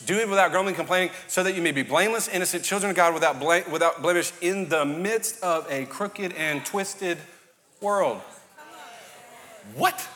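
Male pastor, New Orleans Cajun accent, slightly high voice, sermon in a large echoing church. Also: moderate pace. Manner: conversational, joking, building to shouting. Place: church auditorium. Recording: long hall reverb.

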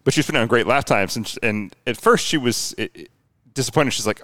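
A man hosting a casual interview, talking in quick, chatty bursts and passing on audience questions. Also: mid-range voice, bright, forceful tone, no echo. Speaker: podcast host.

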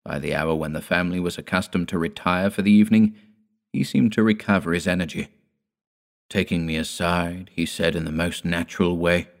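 A man narrating a gothic tale in the first person, in a measured, dramatic storytelling manner. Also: deep voice, steady tone. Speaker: audiobook narrator.

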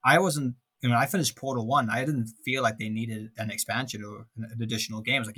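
A man's voice: medium pitch, fairly even intonation, fast, few pauses, bright, forceful tone, husky. A man co-hosting a podcast in casual chat, thinking aloud with frequent restarts. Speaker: podcast co-host.

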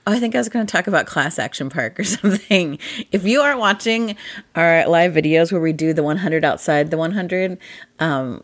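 Husky-voiced chatty woman podcast host. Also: sits low. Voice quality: husky morning voice. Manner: chatty, laughs often, rambling. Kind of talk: casual chat.

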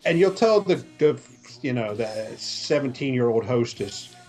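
A man's voice: medium pitch, sing-song, a little slow, darkish tone, soft background music. A man telling a casual, exasperated story on a podcast, swearing as he goes.

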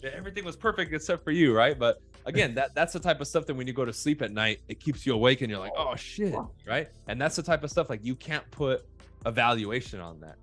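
A man talking bluntly and profanely in a casual podcast chat, telling stories with animated quoted voices. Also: medium pitch, fast talker, soft background music.

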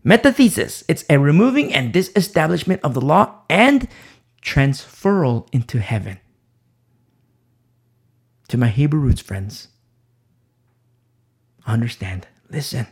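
A man preaching a sermon, emphatic and repetitive, asking rhetorical questions and swinging from loud emphasis down to a hushed voice. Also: a little high, big pitch swings, unhurried, pauses often, slightly rough.

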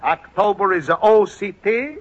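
A man's voice: high-pitched, animated, moderate pace, breathy edge. An actor playing a boastful, teasing older Italian man who speaks broken English with an Italian accent, in a 1940s radio sitcom. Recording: muffled old radio broadcast, hiss.

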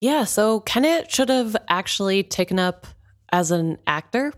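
A woman's voice: mid-range voice, lively intonation, measured pace. A woman co-hosting a casual book discussion, analyzing a character's behavior. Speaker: podcast co-host.

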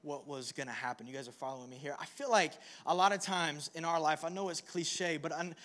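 A man's voice: on the high side, fairly quick, a bit bright. A young male pastor speaking in a slightly raised register, preaching in a loose, conversational way. He mixes self-deprecating humor into a personal story, then settles into earnest reassurance for the congregation. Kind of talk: conversational sermon.

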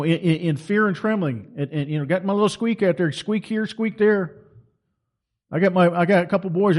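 Fervent high-voiced preaching man. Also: darkish tone. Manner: fervent, emphatic, rhetorical questions. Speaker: online Christian commentator. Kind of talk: impassioned preaching monologue.

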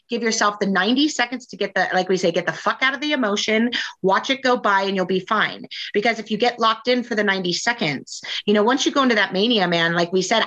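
A woman's voice: fairly high pitch, fairly bright tone, lo-fi sound. A woman in her forties talking candidly in a casual conversation, rambling and frank, with lots of fillers. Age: 40s.

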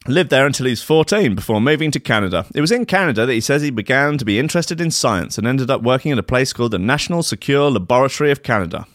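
A man hosts a comedy podcast, ridiculing a news story with heavy swearing and sarcasm. His voice sits at an ordinary middle pitch, and he is recorded close and dry. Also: animated, fast, few pauses, a bit bright, dry recording. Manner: profane, sarcastic, laughing at his own jokes.

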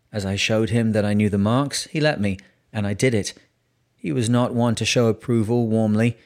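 A man with a low voice reads a seafaring memoir aloud. His delivery is steady and measured, telling the story without hurry. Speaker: audiobook narrator.

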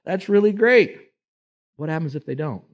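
A man's voice: a little high, animated, normal speed, voice pushed up, natural voice. A male preacher voicing a cheeky, chatty angel who teases with breezy questions. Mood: teasing.

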